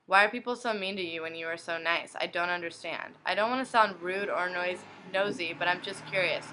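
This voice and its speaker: A woman's voice: fairly low pitch, a little fast, noisy background. A young woman blogger reading inbox messages aloud one after another, in a plain reading manner. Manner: reads each message in turn, plainly.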